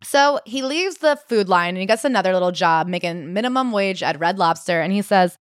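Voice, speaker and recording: A woman co-hosting a podcast, reading quotes from a memoir and reacting with animated disbelief. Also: fairly low pitch, fairly quick, few pauses, dry recording, clean studio sound. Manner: animated, incredulous, reads quotes aloud. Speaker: podcast co-host. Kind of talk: casual book-summary chat.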